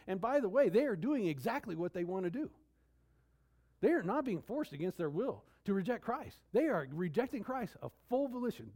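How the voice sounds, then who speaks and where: A middle-aged man preaching a sermon, emphatic, repeating key phrases and swinging between loud declarations and hushed asides. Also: high voice. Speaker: pastor.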